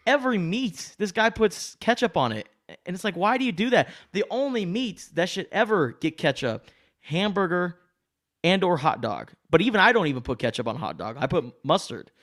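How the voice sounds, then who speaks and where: A man co-hosting a podcast, talking in a quick, animated, joking way. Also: high-pitched. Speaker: podcast co-host. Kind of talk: casual chat.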